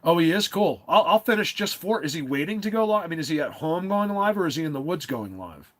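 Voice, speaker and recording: This New Jersey livestream host talks fast in a somewhat high, sing-song voice with a bit of brightness. His casual stream is a ramble full of fillers, restarts, and moments where he interrupts himself.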